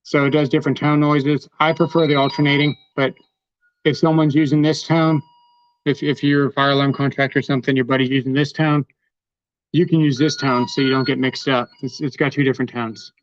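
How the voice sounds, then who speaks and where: A man's voice: mid-range voice, flat delivery, brisk. A man hosting a live tool demonstration, talking casually while he handles his gear. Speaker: host demonstrating tools. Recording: dull lo-fi livestream audio.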